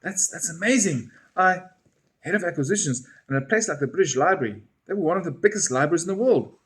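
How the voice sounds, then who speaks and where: A man voicing an awkward, eager young American woman with a husky, hesitant way of talking. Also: on the high side, animated, fast, fairly bright tone, pitched above the performer's own voice. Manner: hesitant, stammering.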